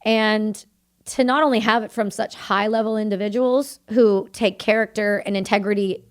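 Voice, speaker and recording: A woman's voice: mid-range voice, steady tone, clear, resonant tone. A woman from Canada, a combat veteran, telling her story as a podcast guest in candid, earnest conversation. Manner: earnest, tells her story in quick bursts of remembered dialogue.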